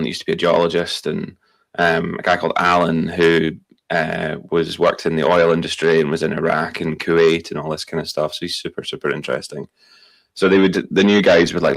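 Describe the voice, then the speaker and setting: A man's voice: sits low, creaky. A young Scottish man telling long rambling anecdotes in a casual podcast chat. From Scotland. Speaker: tour company owner.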